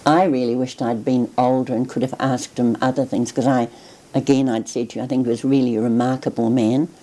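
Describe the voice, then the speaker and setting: Older New woman with a very low voice. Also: fairly even intonation, brisk, warm tone, rough recording. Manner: reflective, hesitant with restarts. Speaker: interviewee recalling her grandfather. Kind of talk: oral history interview.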